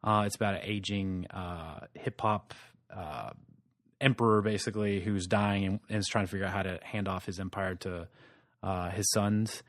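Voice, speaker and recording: Enthusiastic guy cohost talking tv, lowish voice, dry room. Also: steady tone, normal speed, no echo. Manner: chatty, enthusiastic. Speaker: podcast co-host. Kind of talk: casual pop-culture chat.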